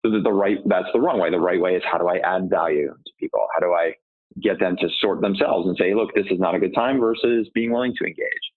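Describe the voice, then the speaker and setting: Over a tinny, phone-like line, a man with a low, husky voice talks sales a little fast while answering podcast interview questions. He keeps firing off rhetorical questions and answering them himself in a coaching tone.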